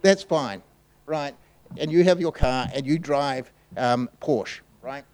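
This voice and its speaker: A man gives a sermon in a relaxed, conversational voice. He often pauses and restarts as he works through his points. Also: medium pitch, poor audio. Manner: conversational, halting with fillers and restarts. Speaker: preacher.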